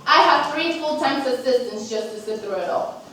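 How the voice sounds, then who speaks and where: A woman playing a brash, foul-mouthed, street-talking woman saint with swaggering slang, performed loudly on a college theater stage. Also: on the high side, animated, normal speed, a little hiss or hum. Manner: loud, taunting stage delivery. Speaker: stage actor. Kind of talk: live stage monologue. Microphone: far camera mic. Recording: echoey stage from far off.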